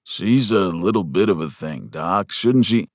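A man's voice: low-pitched, expressive, measured pace, no room sound, clean studio sound. A man doing a blunt young deputy. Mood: stern. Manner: blunt, sharp. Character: stern young deputy, protective brother.

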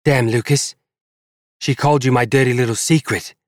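A man's voice: medium pitch, steady tone, normal speed, no room sound, studio quality, voice pushed up, lightly acted. A man voicing a hot-tempered petite young woman who spits her words through gritted teeth. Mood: hurt, accusing.

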